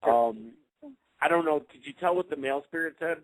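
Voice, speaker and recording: A man's voice: fairly high pitch, fairly quick, no room sound, low-quality recording. A man, a paranormal investigator, chatting casually on a radio show, rambling with many fillers and restarts.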